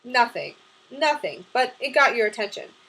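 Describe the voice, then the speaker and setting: A woman's voice: fairly high pitch, very animated, moderate pace, bright, forceful tone, slightly rough, exaggerated voice, low-quality recording. A woman reading a cocky, teasing young man. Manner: cool, teasing banter. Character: cocky young male smoker neighbor, teasing.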